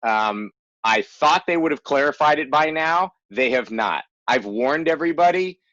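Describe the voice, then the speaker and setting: A man's voice: on the high side, expressive, moderate pace, fairly bright tone, dry recording. A man presenting an explanatory webinar as an advisor, emphatic and rereading key phrases for stress. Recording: dull lo-fi webinar audio, dry.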